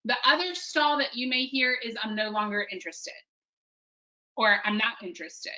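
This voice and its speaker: A woman's voice: on the high side, moderate pace, poor audio. A woman in her thirties coaching a sales team in a live workshop, talking energetically and directly to the group. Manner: energetic, conversational, addresses group as guys.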